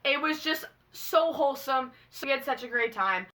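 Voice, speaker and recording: Bright-voiced, bubbly young woman. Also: high voice, moderate pace. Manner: bubbly, excitable, slangy, gushing. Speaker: vlogger. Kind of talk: casual storytime.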